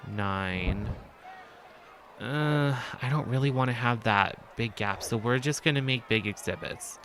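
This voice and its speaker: A man's voice: fairly low pitch, vocal fry, background noise. A man giving casual gameplay commentary as a let's play host, thinking aloud and hesitating with frequent ums.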